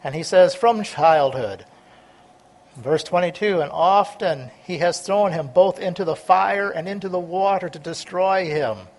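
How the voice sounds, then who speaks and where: High-voiced man preaching a sermon. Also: normal speed, few pauses, a little mellow. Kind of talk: sermon, Bible reading.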